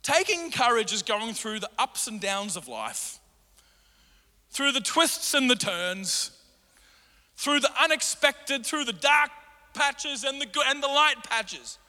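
Bright-voiced pastor preaching in a hall. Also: male voice, very high-pitched, slow pace. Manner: animated, acts out quotes in raised voices. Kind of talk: sermon. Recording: long hall reverb.

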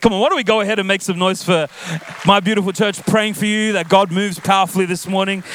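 A man's voice: high voice, fairly even intonation, fast talker, fairly bright tone, a little hiss or hum. Joking man preaching to a church. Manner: joking and playful with the crowd. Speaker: guest pastor. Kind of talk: sermon. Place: large church auditorium.

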